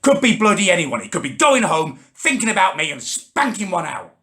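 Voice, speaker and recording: A young man hosting his comedy channel, delivering an indignant rant that keeps rising into shouts. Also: sits high, big pitch swings, brisk. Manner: indignant, shouting ranting with Northern English slang.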